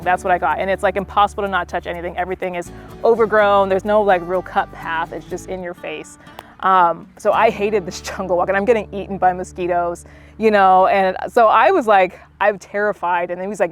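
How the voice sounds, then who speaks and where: A woman's voice: on the low side, fast talker. A young adult woman leading a workout, chatting casually and telling a travel story between exercise cues. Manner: chatty, animated, addresses viewers as team. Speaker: fitness instructor. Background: faint music.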